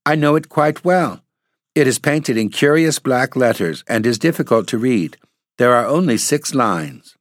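A man voices an earnest little girl who is gentle, sweet and brave, pitching his medium voice above his natural range while keeping it close to everyday speech. His delivery is a little slow with lively intonation, recorded dry with studio quality.

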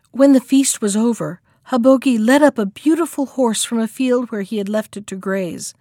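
A woman's voice: a little high, no room sound, studio quality. Woman reading a fairy tale aloud. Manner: measured, expressive storytelling. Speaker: storyteller.

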